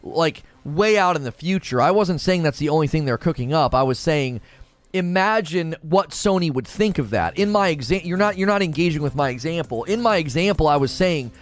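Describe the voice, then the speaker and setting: A man's voice: fairly high pitch, lively intonation, a little fast. A man in a heated casual debate, arguing emphatically and repeating his points.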